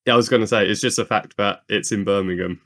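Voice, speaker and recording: Lower-pitched male co-host, hesitant and relaxed, podcast mic. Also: fast talker. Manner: hesitant, lots of ums and likes. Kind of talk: casual chat.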